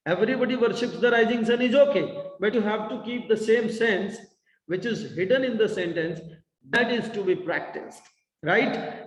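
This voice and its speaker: Man, teacher on a video call, high voice, echoey room, long reverb. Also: moderate pace. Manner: encouraging, repetitive praise. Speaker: English teacher. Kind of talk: online class teaching.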